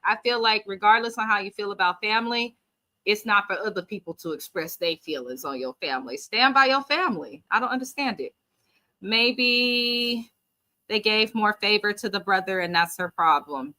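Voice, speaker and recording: A woman hosting a casual live-stream recap of a reality show, talking in an animated, sassy way and reading out viewer comments. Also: on the high side.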